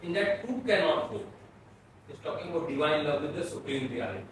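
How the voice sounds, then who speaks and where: A man from Bhutan giving a classroom philosophy lecture, explaining slowly and repeating and restarting his phrases. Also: a little high. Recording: echoey room, mic far off, faint noise.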